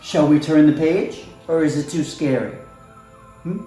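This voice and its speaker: A man's voice: on the high side, a little slow. Man reading a story aloud, very echoey. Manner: expressive, playful, talks to the listener. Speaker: storybook reader. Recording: very echoey room, faint music.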